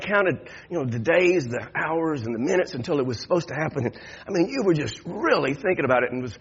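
A man's voice: fairly high pitch, husky. A man preaching an Easter sermon in a conversational way, often repeating words and chuckling. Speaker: pastor. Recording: dull lo-fi sound.

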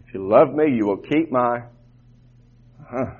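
Male pastor, sermon, fervent, stumbles over repeated words, husky voice, tinny phone-line sound. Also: mid-range voice, expressive, measured pace. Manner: fervent, repeats words while building points.

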